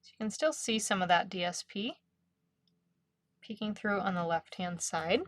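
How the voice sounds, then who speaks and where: Chatty woman craft instructor, mid-pitched voice, dry close sound, upbeat and giggly. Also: moderate pace, dry recording. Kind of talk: live card-making class.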